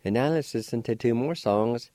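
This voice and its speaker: A man's voice: mid-range voice, normal speed, warm tone, no room sound, clean studio sound. A man teaching a radio language lesson, patiently spelling out words syllable by syllable and encouraging learners to practice.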